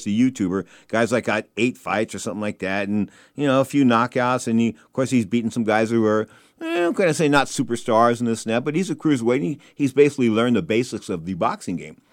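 Fast-talking excitable man, dry close sound. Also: medium pitch, dry recording. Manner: excitable, digressive, repeats himself. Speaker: radio host and private investigator. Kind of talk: rambling casual talk.

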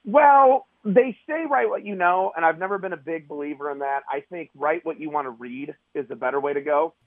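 Guest author, middle-aged man, earnest, slightly high voice, over a phone line, dry. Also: fairly quick, no echo. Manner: earnest, restarts often. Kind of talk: casual interview talk.

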